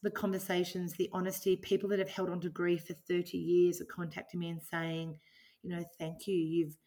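Earnest middle-aged woman, low voice. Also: monotone, fairly quick, mellow. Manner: earnest, enthusiastic, reflective. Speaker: guest, business owner and author. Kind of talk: podcast interview.

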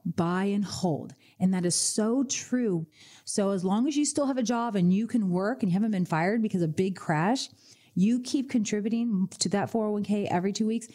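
A woman financial advisor hosting a radio finance show, telling lively client stories and acting out their reactions. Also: mid-range voice, moderate pace. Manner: energetic storyteller, acts out client voices.

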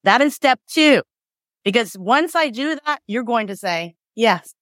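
A woman's voice: on the high side, expressive, measured pace, fairly bright tone, no echo, studio quality. A woman divorce mediator in a conversational interview, explaining with acted-out examples and lots of "like" and "right?".

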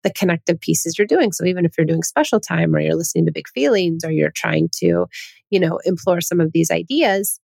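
A woman's voice: fairly quick, gravelly, a little mellow, dry recording. A woman hosting a parenting podcast, talking earnestly on her own and asking her listeners many questions. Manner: acts out quoted parents in higher voice. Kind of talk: solo podcast talk.

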